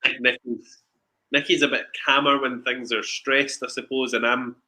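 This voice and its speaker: A man's voice: mid-range voice, little pitch movement, normal speed, sharp tone. A man hosting a podcast, talking casually and chattily, often stumbling and restarting his sentences. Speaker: podcast host.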